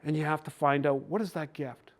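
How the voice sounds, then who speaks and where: Older man telling gentle folksy stories. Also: on the high side, steady tone, brisk. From Canada. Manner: folksy, gentle storytelling with acted quotes. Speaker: speaker on cultural mindfulness. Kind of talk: storytelling talk to a hockey team.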